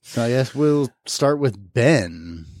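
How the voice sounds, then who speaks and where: A man's voice: mid-range voice, expressive, takes it slowly, darkish tone, no room sound, clean studio sound. A man hosting a podcast, casually explaining a word-guessing game with easygoing fillers. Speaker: podcast host running a game. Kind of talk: casual chat.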